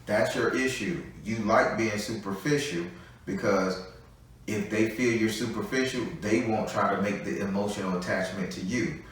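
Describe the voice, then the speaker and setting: A man with a voice on the low side reads tarot live at a moderate pace, speaking freely and bluntly, chatting away with a good deal of cursing. The room is echoey, and he sounds far from the microphone.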